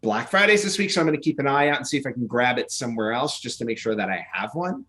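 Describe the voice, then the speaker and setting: A man co-hosting a casual podcast chat, telling an animated story and acting out both sides of his phone calls. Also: mid-range voice, quick pace. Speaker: podcast co-host.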